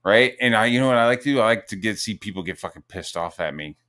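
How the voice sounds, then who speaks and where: A middle-aged man hosting a casual, profane chat, animated and jumping into high-pitched quoted voices. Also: quick pace. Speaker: podcast host.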